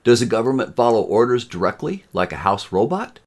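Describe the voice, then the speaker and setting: A man doing Mister Estois, resonant robot teacher. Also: big pitch swings. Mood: lecturing. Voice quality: resonant baritone. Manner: measured, lecturing. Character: calm robot male classroom instructor.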